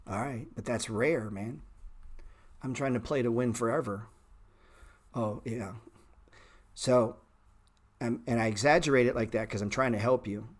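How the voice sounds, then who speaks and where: A middle-aged man hosting a stock trading livestream, talking bluntly and sarcastically with swearing, and jumping into animated, louder rants. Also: measured pace, pauses often. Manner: animated rants that jump in pitch and volume. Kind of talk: casual livestream chat.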